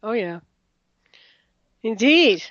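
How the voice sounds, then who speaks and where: A woman hosting a radio interview, talking quickly and effusively to her guest. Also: on the high side, sing-song, fairly bright tone, no echo, highs cut off. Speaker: host.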